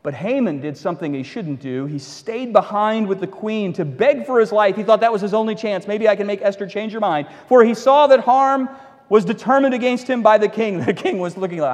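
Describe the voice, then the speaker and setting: A man preaching a sermon, retelling a Bible story with animated storytelling, acting out the characters and adding wry asides. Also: high voice, fairly quick, long reverb tail. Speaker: pastor.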